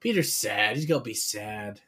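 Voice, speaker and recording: A man co-hosting a podcast, chatting excitably and rambling, swearing freely as he tells stories. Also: lowish voice, normal speed, slightly rough. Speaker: podcast co-host. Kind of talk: casual chat.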